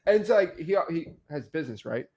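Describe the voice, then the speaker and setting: Male host, slightly high voice, upbeat and animated, casual live Q&A. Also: a little fast, gravelly, breathy edge. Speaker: host answering viewer questions. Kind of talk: casual livestream Q&A.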